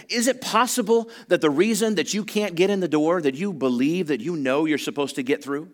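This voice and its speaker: A middle-aged man preaching a sermon, telling stories with frequent restarts and building to excited, louder passages. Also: fairly high pitch, fairly quick, few pauses. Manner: storytelling with rising excitement, many restarts. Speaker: pastor.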